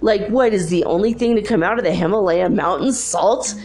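A woman's voice: mid-range voice, moderate pace, darkish tone, soft background music. A woman talking in a casual vlog monologue, rambling through a story with lots of filler words.

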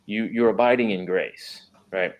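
A man with a fairly low voice talks through a faith topic in a casual, earnest way. He often repeats and restarts his phrases and presses his points with rhetorical questions. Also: a little slow.

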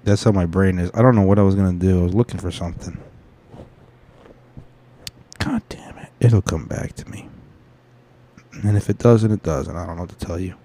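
A man's voice: sits low, fast, mellow, a little hiss or hum. A man hosting a podcast, rambling in casual, profane commentary and getting easily sidetracked. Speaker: podcast host.

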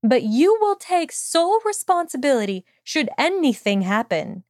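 A strict older headmistress speaks with measured, wise firmness, voiced by a woman reading a fan fiction audiobook. The voice sits at a middling pitch. The sound is dry and close, with no room around it. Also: animated, no room sound, natural voice. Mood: stern.

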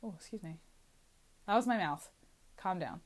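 Her voice on the low side and animated, a woman in her twenties talks at a moderate pace to camera from a small closet. It's a casual confessional vlog, and she sounds anxious, rambling and questioning herself.

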